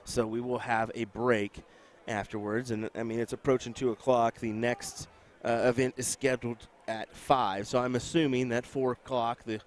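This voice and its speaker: A male darts commentator with a mid-pitched voice calls the match live in a dry, teasing way. He mixes plain explanation of the schedule and the play with ribbing of his partner. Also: little pitch movement, moderate pace, few pauses. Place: casino event hall.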